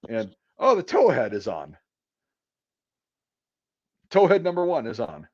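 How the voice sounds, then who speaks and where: A man's voice: medium pitch, wildly swooping pitch, measured pace, a little mellow, no echo. A man hosting a casual chat from home over an online call, telling a long anecdote in a rambling, profane way full of fillers. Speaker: podcast host. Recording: dull, dry lo-fi call audio.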